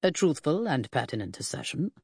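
A pompous, brusque middle-aged male detective, as a woman reader puts him on, lofty and pedantic in a storybook reading. The voice sits low and husky, with a lively rise and fall on each grand phrase. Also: brisk, no room sound, studio quality, heavily acted. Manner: lofty, formal and clipped. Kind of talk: audiobook character reading.

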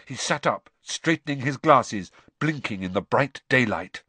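Expressive audiobook narrator, very animated. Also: mid-range voice, unhurried, husky, no echo. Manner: expressive, dramatic reading. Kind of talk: scripted storybook narration.

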